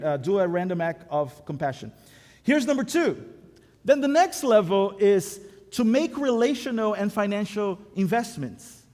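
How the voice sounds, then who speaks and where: This sermon comes from a pastor whose voice is high-pitched with a darkish tone. Speaking in a church sanctuary with echoey hall acoustics, he tells stories conversationally and uses self-deprecating humor.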